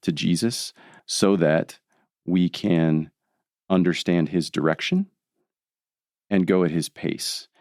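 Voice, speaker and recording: A man speaking as a podcast guest, explaining his thoughts in a reflective, unhurried way. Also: deep voice, steady tone, a little mellow, no room sound, clean studio sound. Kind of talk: casual podcast conversation.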